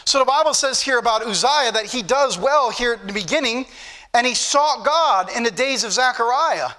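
High bright-voiced preacher man. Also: animated, moderate pace. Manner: preachy, repetitive emphasis. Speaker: pastor. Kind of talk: sermon.

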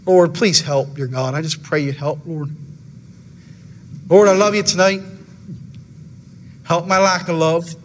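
A man with a high, light voice preaches in a church, earnest and repetitive. He keeps returning to the same phrases as he presses his point. A faint hiss of room noise sits under his voice. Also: steady tone, unhurried, pauses often. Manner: earnest, repetitive preaching with frequent "Lord" and "dear God". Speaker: pastor. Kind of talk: sermon and closing prayer.

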